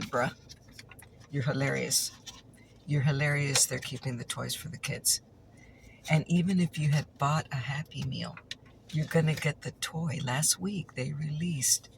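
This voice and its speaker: A woman's voice: extremely low pitch, gravelly, a little hiss or hum. A woman telling a chatty ASMR story, teasing and repeating her punchlines, sometimes dropping into a whisper.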